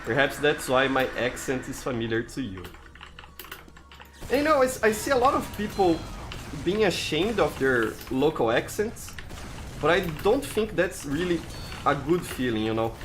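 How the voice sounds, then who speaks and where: A man's voice: a little high, big pitch swings, normal speed, noisy background. Brazilian man streaming a game. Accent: Brazilian Portuguese. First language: Portuguese. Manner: chatty, talks to viewers while playing, frequent "you know" and restarts. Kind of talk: live gameplay commentary.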